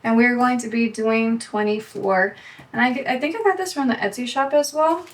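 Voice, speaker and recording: A young woman vlogging casually as she counts bills aloud, chatty and quick to correct herself. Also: a little high. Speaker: budgeting vlogger. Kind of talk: casual talk while cash stuffing. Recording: voice from a distance, faint background noise.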